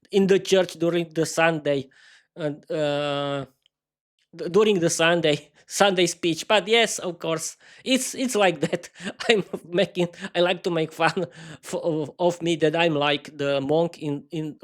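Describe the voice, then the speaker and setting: A young man, a non-native English speaker, hosting his own podcast in a solo improvised live stream, rambling with many restarts and repeated words, earnest and laughing at himself. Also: sits high. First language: not English. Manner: earnest and self-mocking, often laughing at himself. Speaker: podcast host.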